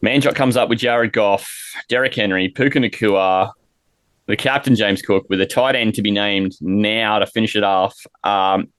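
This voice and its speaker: A man's voice: on the low side, fairly even intonation, normal speed, fairly bright tone, no echo. Brash, teasing Australian man. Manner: brash, teasing, swears freely. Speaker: podcast host running a fantasy draft. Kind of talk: casual sweary banter.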